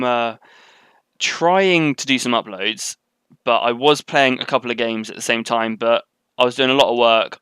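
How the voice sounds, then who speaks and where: A man's voice: mid-range voice, sharp tone, smooth, no echo. A young man giving live gameplay commentary in a rambling, chatty way, full of ums and tangents. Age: young adult. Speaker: gaming commentator. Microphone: webcam setup at desk.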